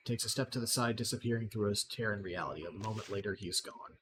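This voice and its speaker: A man's voice: fairly low pitch, fast talker, few pauses, fairly bright tone, a little hiss or hum. Man with wry let's play commentary. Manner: wry, dry joking asides. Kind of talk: game commentary and reading game text.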